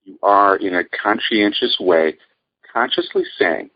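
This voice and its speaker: Slow, deep-voiced man guiding a meditation. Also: highs cut off. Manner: calm, measured, gently instructive. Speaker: meditation teacher. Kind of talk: guided meditation lecture.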